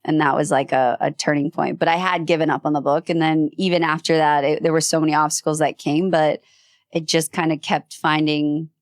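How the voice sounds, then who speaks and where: Lively woman storyteller, dry close sound. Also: a little fast, no room sound. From New Hampshire. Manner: animated, acts out quoted voices with big pitch jumps. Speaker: guest. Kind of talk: casual storytelling.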